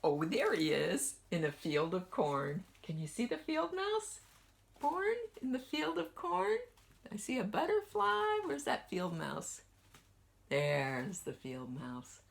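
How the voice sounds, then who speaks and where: A woman kindergarten teacher gently reading a picture book aloud to children and asking them questions as she goes. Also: medium pitch, creaky. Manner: slow, lively sing-song storytelling.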